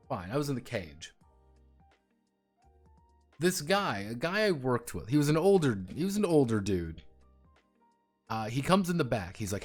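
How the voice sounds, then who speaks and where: Male streamer, animated pitch, curses a lot, laughs hard at his own stories, faint music behind. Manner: swears freely, laughs hard telling stories. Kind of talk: casual stream chat. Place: home streaming setup.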